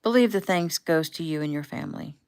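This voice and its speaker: A woman reading as a kind older gentleman. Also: deep voice, brisk, clean tone, lightly acted. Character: older man, kind gracious grandfather figure.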